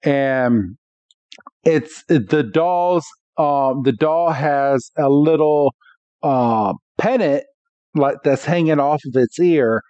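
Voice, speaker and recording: A man's voice: a little high, slow, a little mellow, smooth, dry recording, lo-fi sound. A man hosting a podcast, recapping a cartoon episode scene by scene in a casual way. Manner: retells scenes, acting out the characters' lines. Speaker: podcast host.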